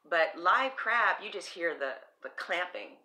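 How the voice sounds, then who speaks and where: A woman's voice: on the low side, expressive, a little slow, bright, forceful tone. A woman reading tarot cards in a casual vlog, rambling, blunt and swearing freely. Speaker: tarot reader.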